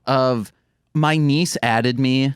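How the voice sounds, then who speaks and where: A man's voice: medium pitch, fairly even intonation, very slow, clean tone, no room sound. Sardonic man on a dry podcast mic. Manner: candid, sardonic, jokes about dark topics. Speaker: podcast co-host. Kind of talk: casual podcast chat.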